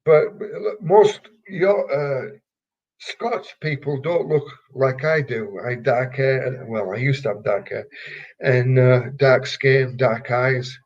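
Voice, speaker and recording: Older yorkshire guy, slow halting storyteller, lots of uhs, muffled lo-fi sound. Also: mid-range voice. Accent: Yorkshire English. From England. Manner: rambling, halting, many fillers. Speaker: retired wrestler, guest. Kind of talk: casual storytelling interview.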